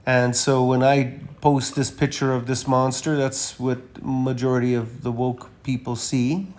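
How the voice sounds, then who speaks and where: A man giving a rambling, emphatic monologue while walking through a slideshow of images, with frequent uh fillers and sudden loud stresses. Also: mid-range voice, flat delivery, unhurried. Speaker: commentator presenting images.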